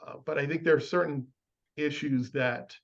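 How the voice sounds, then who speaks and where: A man on a discussion panel lays out his views in an even, explanatory way. His voice comes through a somewhat muffled, lo-fi recording. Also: a little high, moderate pace. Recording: muffled lo-fi audio.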